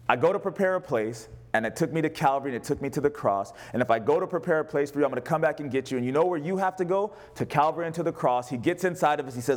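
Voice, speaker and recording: A man preaching as pastor, passionate, moving between a raised voice and a hushed, tender delivery. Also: a little high, animated, fast talker, few pauses. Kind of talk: sermon.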